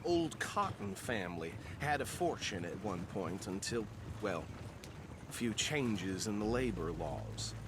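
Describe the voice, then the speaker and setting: A fussy, self-important deputy. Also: male voice, fairly low pitch, very animated, a little slow, noisy background. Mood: officious. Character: officious small-town deputy, fussy man.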